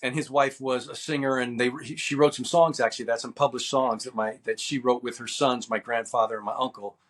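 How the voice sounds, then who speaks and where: A man's voice: mid-range voice, fairly even intonation, brisk, a bit bright. A man in his fifties from New Jersey, an actor and stuntman chatting easily as an interview guest, rambling with fillers. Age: 50s. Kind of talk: casual interview.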